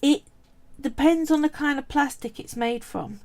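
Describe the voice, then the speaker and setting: An English woman with an East London Cockney accent, chatting casually as she sculpts polymer clay on a live stream and drifting off on tangents while answering viewers. Her voice is high-pitched and gravelly with a slight mellowness, at a normal speed.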